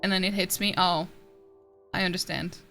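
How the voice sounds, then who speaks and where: Gravelly-voiced woman streamer. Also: lowish voice, steady tone, moderate pace, a bit bright, faint music behind. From Norway. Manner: rambling, self-interrupting, laughs often. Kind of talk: casual chat reading out chat messages. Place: home streaming setup.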